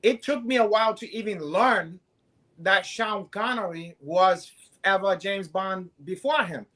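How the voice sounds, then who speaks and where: A man's voice: high-pitched, a little slow, pushed and bright. A man co-hosting a comedic chat show, rambling and swearing constantly, and calling people "kid". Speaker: co-host.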